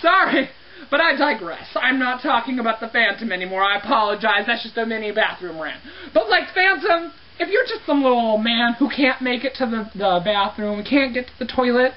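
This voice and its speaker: A young woman with a high voice that jumps all over the place, ranting to camera about her cleaning job. She sounds exasperated and keeps apologizing for getting worked up. The audio is dull and lo-fi. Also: animated, moderate pace. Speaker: restroom cleaner. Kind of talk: comedic rant to camera.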